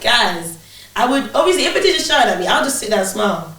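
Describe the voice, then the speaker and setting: A woman's voice: mid-range voice, big pitch swings, quick pace, a bit bright, distant mic. A young woman chatting casually on a podcast, playful and joking. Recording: roomy, off-mic with faint noise.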